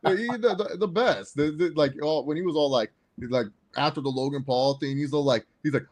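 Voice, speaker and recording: A man co-hosting a casual sports chat, excitable and rambling, with lots of fillers. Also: on the high side, fairly quick, hardly any pauses. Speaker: co-host.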